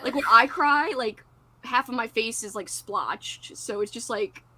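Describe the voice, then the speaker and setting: A woman's voice: on the high side, measured pace, bright, forceful tone, husky. A woman hosting a casual livestream chat, giggling often and reading chat comments aloud. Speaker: livestream host.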